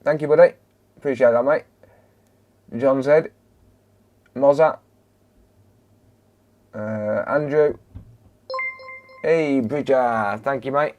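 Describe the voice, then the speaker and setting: A man's voice: mid-range voice, slow, long pauses, muffled recording. A man hosting a live stream, greeting viewers one by one and bantering casually with his chat. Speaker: live-stream host, electronics repairer.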